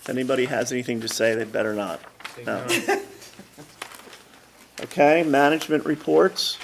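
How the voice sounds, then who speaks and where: A man chairing a borough council committee meeting, running motions and votes with a wry, deadpan humor. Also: mid-range voice, moderate pace, gravelly. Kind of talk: meeting chair, dry joking. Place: council chamber. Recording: noisy council meeting recording.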